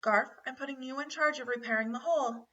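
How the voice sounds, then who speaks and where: A woman's voice: sits high, quick pace, a bit bright, pitched above the performer's own voice. A woman reading aloud and voicing a practical aunt who gives matter-of-fact instructions. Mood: firm. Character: firm, practical adult aunt. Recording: dull, distant home recording.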